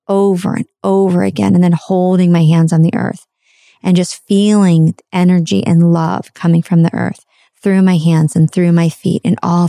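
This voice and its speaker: A middle-aged woman earnestly recounting a personal story, repeating phrases and slowing down for emphasis. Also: fairly low pitch, gravelly, warm tone, no room sound, studio quality. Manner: earnest, repetitive, slows for emphasis. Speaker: speaker sharing a personal story.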